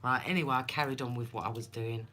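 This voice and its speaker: A woman with a bass voice and fairly even intonation talks fast; the sound is a bit bright with slight background noise. Reading tarot on a live stream, she's a chatty, laughing storyteller who addresses viewers by name.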